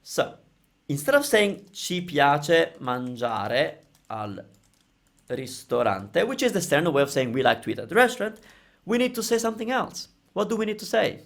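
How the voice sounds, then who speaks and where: A man's voice: on the high side, sing-song, normal speed, vocal fry. A man teaching a grammar lesson in English, explaining with emphatic example phrases. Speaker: Italian language teacher.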